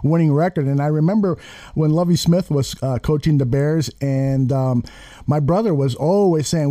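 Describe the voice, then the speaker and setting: A man co-hosting a casual sports podcast, chatty and quick to laugh. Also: a little high, dark tone. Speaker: podcast co-host.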